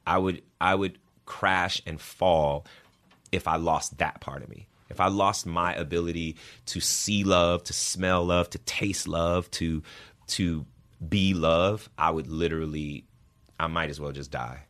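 Guest, male, 30s, deep low voice, earnest, repeats for emphasis. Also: steady tone, measured pace, a bit bright. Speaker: guest, actor and singer. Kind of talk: interview conversation.

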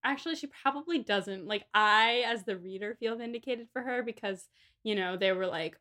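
Chatty woman cohost, kinda high bright voice, laughs a lot. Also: normal speed. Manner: chatty and animated, laughs often. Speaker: podcast co-host. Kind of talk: casual book-club chat.

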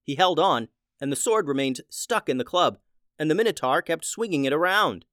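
A man narrating a children's adventure story in a steady, plain way. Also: fairly high pitch, moderate pace, dry recording, studio quality.

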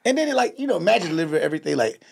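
This man has a raspy, husky voice with gravelly fry at the edges. He co-hosts a casual comedy chat, telling animated stories with big swings of pitch. He keeps breaking into laughter and mimicking people. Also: racing. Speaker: co-host.

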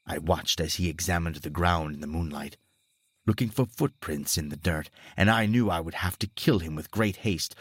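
Deep husky male horror narrator. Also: dry recording, studio quality. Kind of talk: scripted horror story narration.

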